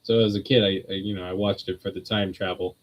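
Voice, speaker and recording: A man's voice: deep voice, little pitch movement, fast, dull audio. A man hosting a streamed religious talk, rambling through his points in a casual, conversational way and laughing often. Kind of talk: casual chat.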